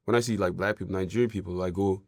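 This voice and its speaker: A young man from Ireland, a guest in a casual interview, talking in a relaxed, rambling way with many fillers. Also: low-pitched, rapid-fire.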